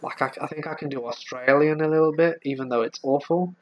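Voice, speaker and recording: Southeast English man, relaxed rambling chat. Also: on the high side, a little fast, muffled recording. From England. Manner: relaxed, rambling, reads viewer comments aloud and answers them with fillers. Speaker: live-stream host. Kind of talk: casual live-stream chat.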